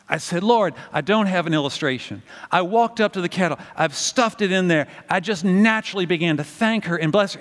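A man preaching a sermon, telling a story with lively acted-out voices. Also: sits high, big-room sound. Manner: animated storytelling, acts out voices. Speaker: pastor.

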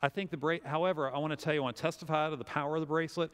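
A man preaching a sermon as pastor, telling a story with lively acted-out quotes. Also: a little high, very fast, clean tone, in a large hall.

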